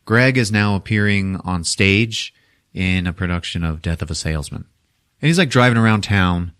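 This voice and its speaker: Low-voiced man recapping a movie. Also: moderate pace, smooth, no echo, studio quality. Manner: animated storyteller, swears freely. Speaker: podcast host.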